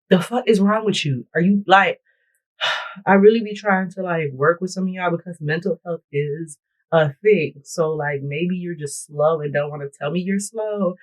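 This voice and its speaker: A woman's voice: fairly low pitch, poor audio. A woman vlogger chatting bluntly and profanely through a storytime while she does her makeup and hair. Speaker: beauty vlogger. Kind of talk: get-ready-with-me storytime chat.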